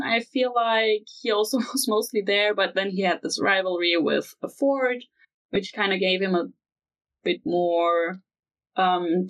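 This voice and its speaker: Woman co-host, unhurried and deliberate, thoughtful casual chat. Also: medium pitch, fairly bright tone. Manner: measured, thoughtful, builds on others' points. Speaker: podcast co-host.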